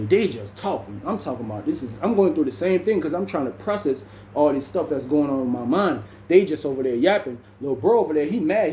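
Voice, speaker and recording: A man's voice: on the high side, dark tone, a little hiss or hum. Laid-back young man in an echoey room. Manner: laid-back, says "bro" constantly, acts out other people's lines. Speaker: vlogger. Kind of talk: casual storytelling to camera.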